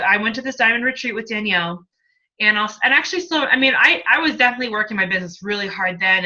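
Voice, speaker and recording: A woman's voice: mid-range voice, sharp tone, dull audio. A woman coach talking as a guest, candid and emotional, chatty and laughing as she tells her story. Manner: talkative, emotional, laughs often. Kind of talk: candid testimonial talk.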